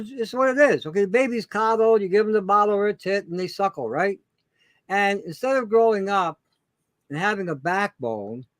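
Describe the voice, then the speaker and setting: A man from Canada with a high-pitched voice who talks bluntly and emphatically, hammering his points with repetition and swearing. The recording sounds dry and close. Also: no room sound. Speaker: guest, show host himself. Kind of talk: blunt profane ranting.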